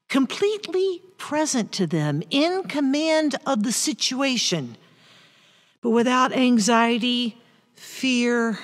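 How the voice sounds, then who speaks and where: A woman pastor preaching a sermon in a reflective, deliberate way, with bursts of rising intensity. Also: a little high, big-room sound.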